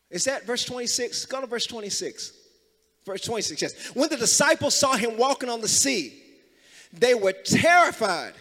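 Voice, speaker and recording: High bright-voiced preaching man. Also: long reverb tail. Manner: call-and-response preaching, rising to loud emphasis. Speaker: pastor. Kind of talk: sermon. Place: church sanctuary.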